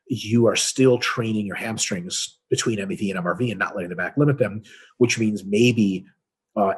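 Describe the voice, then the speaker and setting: A man's voice: fairly low pitch, husky. A man co-hosting a casual webinar, answering training questions in a blunt, profane, explanatory way. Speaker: co-host answering fitness questions.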